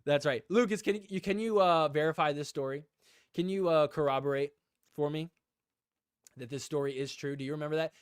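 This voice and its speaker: A man's voice: fairly high pitch, brisk, clean tone, no room sound, clean studio sound. A man hosting a casual live stream, rambling with lots of "like" and talking to viewers in the chat. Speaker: podcast host.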